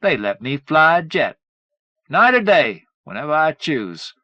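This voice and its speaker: A man voicing an unstable, spoiled young man who erupts into petulant shouting. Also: a little high, big pitch swings, a little slow, dry recording, muffled recording, voice pushed up, heavily acted. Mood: boastful.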